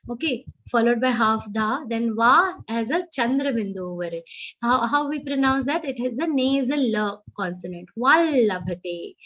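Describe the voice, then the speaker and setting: A woman teaching Sanskrit verse recitation in an online class, chanting each line slowly and carefully before explaining the sounds. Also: fairly high pitch, expressive, a bit bright, highs cut off. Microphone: online call microphone.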